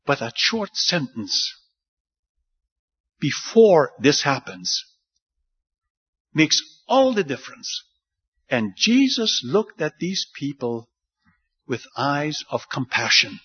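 Animated preacher man, lively pitch. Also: slow, pauses often, husky. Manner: animated, acts out the disciples' lines with rising pitch. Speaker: pastor. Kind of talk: sermon. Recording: dull lo-fi sound.

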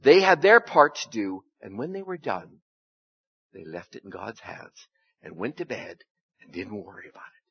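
A man's voice: on the low side, sing-song, moderate pace, vocal fry, breathy edge. A man giving a conversational sermon as a pastor, folksy in manner and often asking the congregation rhetorical questions. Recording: dull lo-fi recording.

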